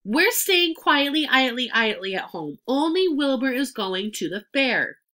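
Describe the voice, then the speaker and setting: A woman's voice: high voice, expressive, measured pace, a bit bright, voice pushed up. A woman reading aloud and voicing a bossy mother goose who snaps and stutters. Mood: scolding. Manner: snappish, stuttering.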